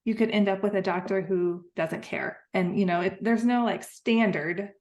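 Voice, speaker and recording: A woman hosting a podcast, with a voice of middle pitch. She talks in a conversational, empathetic way and shares her own experience. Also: steady tone, moderate pace, darkish tone, highs cut off. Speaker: podcast host. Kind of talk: podcast interview.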